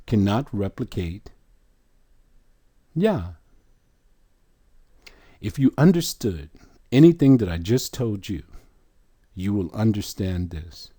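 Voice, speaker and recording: A man with a lowish, mellow voice teaches a religious lesson at a very unhurried pace. He hammers each point home and keeps asking the listener whether they follow. The sound is dry and close, with no room around it. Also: no echo. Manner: slow, emphatic, questioning the listener.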